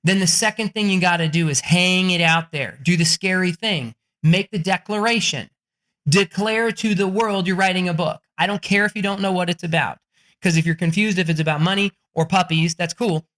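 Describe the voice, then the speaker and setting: A brash man on a podcast, speaking in a bright, forceful voice. His advice comes fast and full of swearing. He often breaks into the voices of people he quotes. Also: sits high. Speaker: guest author.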